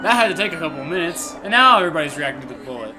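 A man's voice: a little high, sing-song, rapid-fire. Male reaction YouTuber, sarcastic and profane, film score under him. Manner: sarcastic, swears a lot. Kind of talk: casual profane reaction commentary. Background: film music playing.

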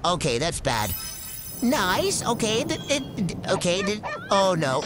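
An excitable woman calls out reactions to animated clips as they play. Her voice swings widely from low mutters to high cries, and she breaks into laughter often. Faint music runs quietly behind her. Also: brisk. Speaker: reaction video host.

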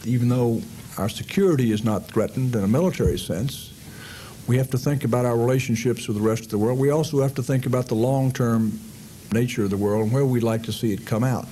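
A man giving a public talk on foreign policy, speaking in a measured, explanatory way with frequent pauses and fillers. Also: mid-range voice, dark tone, slight background noise, poor audio. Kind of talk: public lecture.

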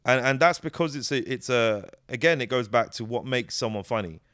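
Lively man, swearing and joking. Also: mid-range voice, no echo, studio quality. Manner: animated, jokey, swears freely, slips into quick character voices. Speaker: comedian and actor, guest. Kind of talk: casual conversational interview.

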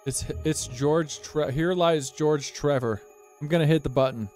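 An American man streaming a game live, his voice sitting somewhat high for a man. He chats with his viewers and reacts out loud to what happens on screen. Soft game music plays faintly behind him. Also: measured pace. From United States. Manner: chatty and reactive, talks to viewers, yelps when startled. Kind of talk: live gameplay commentary.

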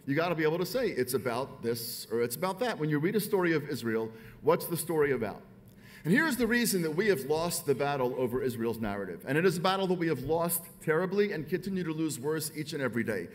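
A man's voice: fairly high pitch, big pitch swings, fast talker. Emphatic American man giving a speech. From United States. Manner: emphatic, rhetorical repetition. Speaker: author giving a dinner speech. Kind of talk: speech to a live audience.

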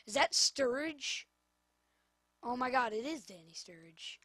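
A woman's voice: on the high side, expressive, measured pace, sharp tone, no room sound. A woman commentating her own football video game, exasperated and scolding the players on screen. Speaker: gamer. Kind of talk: gameplay commentary.

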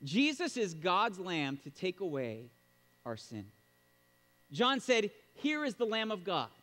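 Animated high-voiced male pastor preaching. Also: slow pace, big-room sound. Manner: emphatic, animated preaching with sudden loud bursts. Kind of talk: sermon.

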